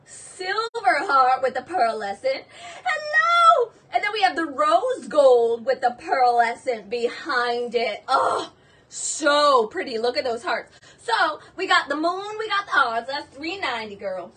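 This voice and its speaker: A woman hosting a live jewelry sale stream, gushing and excitable, exclaiming over each piece. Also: high voice, a little slow, distant mic.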